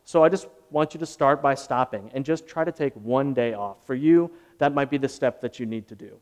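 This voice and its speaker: A man preaching a sermon as pastor, earnest and conversational, swelling louder at dramatic moments. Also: mid-range voice, fairly quick. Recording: long hall reverb.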